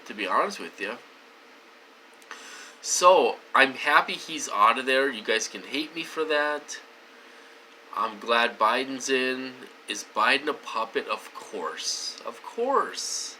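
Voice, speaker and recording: A man rambles to his viewers in a casual monologue, circling back and repeating himself through lots of fillers. His voice has a very bright, sharp edge at an ordinary pitch. He swings from loud, emphatic bursts down to low mutters, with a faint hiss of noise behind him. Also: poor audio. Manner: rambling and repetitive, with many fillers. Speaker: vlogger.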